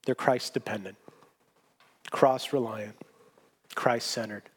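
A man's voice: mid-range voice, fairly even intonation, takes it slowly, husky. A man preaching a sermon as pastor, earnest and emphatic, repeating key phrases and often restarting sentences.

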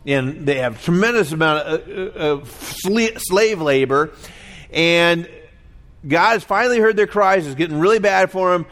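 A man's voice: fairly high pitch, a bit bright. A middle-aged man preaching a weekly sermon in a conversational way, acting out the voices of people in his stories. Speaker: pastor.

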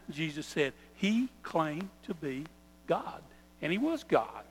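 Earnest high-voiced male preacher. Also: sing-song, breathy edge, in a large hall, rough recording. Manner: earnest preaching, slows and stresses key phrases. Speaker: pastor. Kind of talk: sermon.

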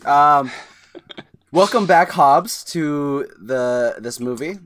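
A man's voice: on the high side, expressive, takes it slowly, a bit bright. A man co-hosting a casual movie podcast, recapping scenes in a rambling way with frequent restarts. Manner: rambling, restarts, laughs often. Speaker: podcast co-host.

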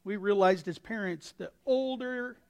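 A male pastor preaching a sermon with a folksy, anecdotal manner, swinging from quiet asides to sudden shouts. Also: high-pitched, a little slow. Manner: impassioned, breaks into sudden shouts.

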